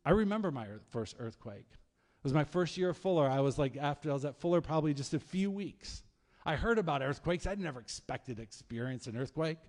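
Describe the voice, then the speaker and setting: A man preaching a sermon as pastor, telling stories in a lively, conversational way. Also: a little high, a little fast. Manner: storytelling, animated, conversational preaching. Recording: long hall reverb.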